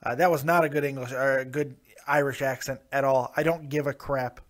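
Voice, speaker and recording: A man's voice: medium pitch, fairly even intonation, fairly quick. A man hosting a wrestling review show, giving opinions in casual, chatty commentary with frequent restarts.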